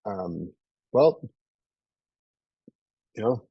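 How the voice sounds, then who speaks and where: A man's voice: sits low, fairly even intonation, fast talker, slightly rough, no echo, dull audio. A man in his thirties coaching a group in a live online training, casual and profane, always checking in with "right?". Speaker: sales coach.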